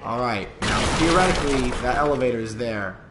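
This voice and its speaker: A man giving live gameplay commentary, swearing and yelling at the game in sudden outbursts, with sarcastic self-mocking asides. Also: medium pitch, lively intonation, fairly quick, heavy background noise. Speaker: gamer streaming live. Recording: roomy with loud background sound.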